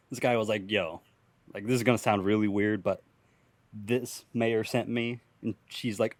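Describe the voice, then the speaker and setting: Low-voiced young man rambling a profane story. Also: fairly even intonation, slow pace, long pauses, dry recording. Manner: rambling, profane, laughs at own jokes. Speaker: podcast host telling an improvised story. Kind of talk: casual improvised storytelling.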